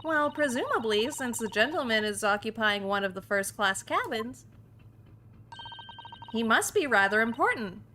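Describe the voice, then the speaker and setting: A woman's voice: fairly high pitch, expressive, moderate pace, bright, forceful tone, a little hiss or hum. A woman streamer reading game dialogue aloud in a playful, giggly casual way. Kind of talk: casual game read-along.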